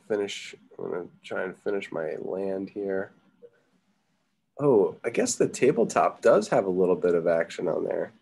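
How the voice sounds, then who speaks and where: A man teaches a drawing lesson as he works. His voice sits low, and his talk wanders easily between instructions and asides. He pauses often with ums. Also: vocal fry, slightly rough. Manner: relaxed, thinking aloud with many ums. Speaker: art teacher. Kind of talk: casual live drawing lesson.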